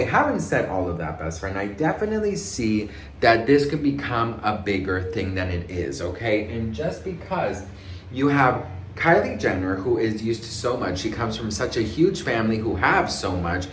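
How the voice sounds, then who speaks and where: A man's voice: mid-range voice, sing-song, normal speed, slight background noise. A man vlogging celebrity gossip in a sassy, dramatic way, calling viewers girl and best friend and acting out quotes in raised voices. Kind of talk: casual gossip chat. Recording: echoey room with faint ambience.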